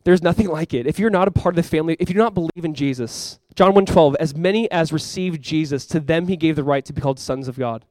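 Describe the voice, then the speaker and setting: A man's voice: fairly high pitch, fast talker, hardly any pauses, a little mellow, no echo, clean studio sound. A young man preaching a sermon to his church as pastor, earnest and conversational, with many fillers.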